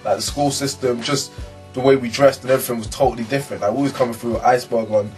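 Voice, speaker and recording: A young man with a London accent telling a story in a slangy, halting way. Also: mid-range voice, fairly even intonation, darkish tone, distant mic, soft background music. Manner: slangy, halting, full of restarts. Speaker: interviewee. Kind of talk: casual storytelling.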